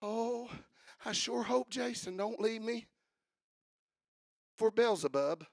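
A worried male deity murmurs his anxious pleas in a soft, hushed voice, as a preacher puts him on. The voice sits high and gravelly with a bright edge. It is recorded dry and close. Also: lively intonation, takes it slowly, no echo, heavily acted. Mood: mock worry.

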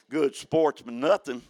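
A man of eighty, preaching a sermon in a folksy storytelling way that builds to fervent shouting. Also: medium pitch, no room sound. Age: 80s.

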